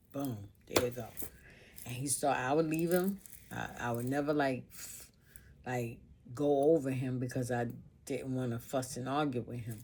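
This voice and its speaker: A woman's voice: very deep voice, steady tone, moderate pace, darkish tone, husky. A woman vlogger telling a personal story in an emotional monologue, earnest and informal, piling up repeated phrases.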